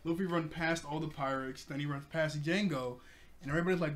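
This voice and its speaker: A man's voice: on the high side, fairly quick. A man casually recapping an anime episode for his review channel, chatty and rambling, laughing often.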